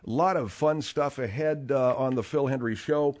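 A man hosting a comedy talk radio show from a studio, with brisk announcer plugs. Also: mid-range voice, darkish tone. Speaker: radio host.

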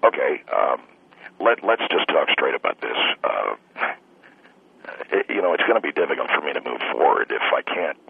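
A man calling in to a radio show, talking slowly with halting restarts and a prickly, preachy manner. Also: very deep voice, big pitch swings, gravelly, husky. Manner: slow, halting, full of restarts. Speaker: caller. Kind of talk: call-in radio talk. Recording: tinny phone line.

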